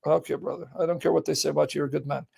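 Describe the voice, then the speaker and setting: A man's voice: fairly high pitch, fairly even intonation, rapid-fire, gravelly, darkish tone, husky. A man hosting a live call-in debate stream, talking in a blunt, joking, casual way.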